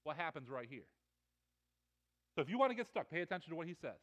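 High-voiced stammering male preacher. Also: fast, long pauses. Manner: animated, stammering repetitions, voice swells and drops. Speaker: pastor. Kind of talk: sermon.

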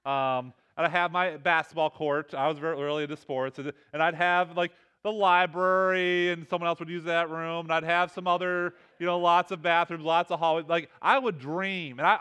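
A man's voice: on the high side, bright, forceful tone, smooth. A middle-aged man preaching a sermon in a loose, conversational way, with lots of fillers and restarts. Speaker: pastor.

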